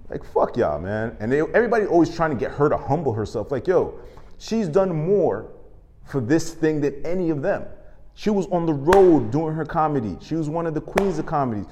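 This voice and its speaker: A man hosting his own show, delivering a comic, impassioned rant full of profanity that swings from loud to muttered. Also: a little high, lively intonation, brisk, big-room sound, a little hiss or hum. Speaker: show host. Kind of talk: comedic monologue rant.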